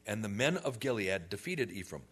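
A man's voice: fairly low pitch, sing-song, moderate pace, fairly bright tone, breathy edge. A man preaching an expository sermon, acting out biblical figures in casual modern slang. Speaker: pastor.

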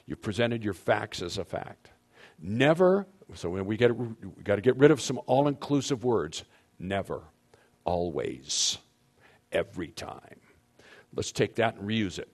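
A man's voice: lowish voice, expressive, a little slow, a little mellow. Man giving an emphatic marriage talk. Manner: emphatic, addresses audience directly. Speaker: marriage seminar speaker. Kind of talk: teaching talk to couples.

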